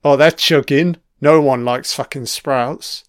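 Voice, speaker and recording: A man's voice: mid-range voice, fairly even intonation, slow pace, no echo, studio quality. A man giving a casual, profane commentary while watching a TV series, chatty and reacting as he goes. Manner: sweary, chatty, reacting to the screen.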